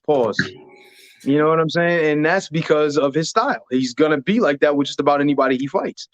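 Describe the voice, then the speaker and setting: A man who is a podcast guest, talking in a measured, rambling way. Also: fairly high pitch, dry recording, lo-fi sound. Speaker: podcast guest, former boxer. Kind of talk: casual chat.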